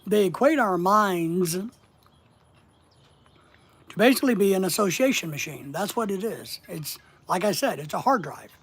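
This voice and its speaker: A man's voice: sits high, animated, normal speed, pauses often, fairly bright tone, breathy edge. A man hosting a casual live stream, talking to viewers and repeating words for emphasis.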